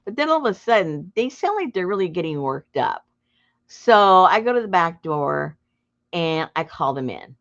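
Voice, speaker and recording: A middle-aged woman with a low, gravelly voice tells a story to her viewers in a casual way. Her pitch swings widely as she acts out the scenes, with bursts of laughter and shouting. The recording is dull and lo-fi. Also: normal speed. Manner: animated, breaks into laughter and loud acted outbursts. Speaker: junk journal crafter and channel host.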